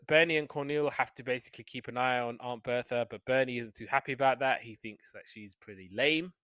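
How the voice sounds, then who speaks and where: A man with a smooth, resonant voice chats through cartoon plots and acts out the characters' lines. His pitch is ordinary. The recording is dry and close. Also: a bit bright, no echo. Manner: chatty, acts out lines in quotes. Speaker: podcast co-host. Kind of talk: casual episode recap.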